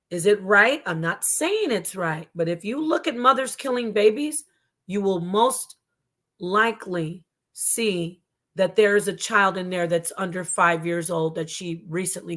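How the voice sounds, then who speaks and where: A woman's voice: lowish voice, unhurried, a bit bright. A woman hosting a live stream, talking to her chat in an emotional, casual way, with frequent restarts. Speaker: live stream host reacting to a video.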